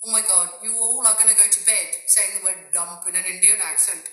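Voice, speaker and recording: A woman's voice: medium pitch, steady tone, a little fast, sharp tone, echoey room, poor audio. A woman hosting a casual live stream, joking with her viewers and laughing at her own jokes. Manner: addresses viewers directly.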